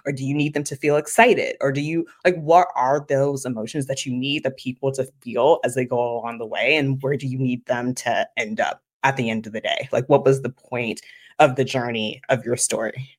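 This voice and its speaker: A woman marketing consultant speaking as a podcast guest, animated and chatty, often dropping "like" into her sentences. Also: rumbling low, normal speed. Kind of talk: conversational interview.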